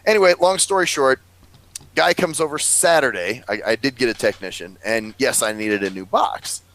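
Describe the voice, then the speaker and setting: A man's voice: medium pitch, normal speed, a bit bright, a little hiss or hum, poor audio. A man rambling through a long story in casual chat, swearing freely and laughing often. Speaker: podcast co-host.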